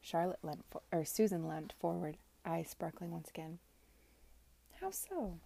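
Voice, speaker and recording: A woman reading a novel aloud in a soft, measured manner. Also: lowish voice, little pitch movement, gravelly. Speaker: reader.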